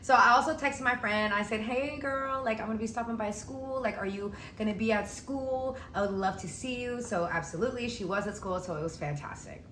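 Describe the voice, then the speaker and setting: A young woman telling a story in a casual vlog, chatty and animated, acting out the people she quotes. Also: fairly high pitch, brisk, hardly any pauses. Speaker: vlogger. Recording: echoey room with faint noise.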